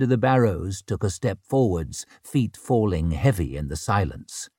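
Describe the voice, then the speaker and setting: Grave, measured male narrator, slow and dry, for dark fantasy audiobook. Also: low-pitched, sing-song, husky, no room sound.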